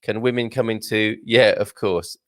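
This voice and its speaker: Reading viewer comments, a man hosts a casual live stream, chatting in a rambling way, laughing often and restarting sentences. His fairly low voice is steady and fairly bright at a normal speed, with clean studio sound and no room ambience.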